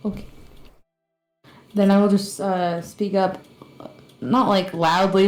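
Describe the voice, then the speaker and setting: A woman playing a tabletop game, blunt and quick to laugh. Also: medium pitch, flat delivery. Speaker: player. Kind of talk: casual tabletop play. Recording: echoey room, faint music.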